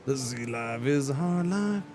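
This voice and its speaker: Lively, rambling male game streamer. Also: medium pitch, a little slow, slight background noise. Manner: rambling, animated, many restarts. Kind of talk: casual live-stream storytelling. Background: background music.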